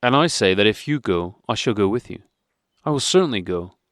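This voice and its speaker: A man's voice: mid-range voice, expressive, fairly quick, no echo, pitched above the performer's own voice, natural voice. A man reading an audiobook, voicing a young wife who pleads and protests indignantly. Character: young wife, upset and insistent.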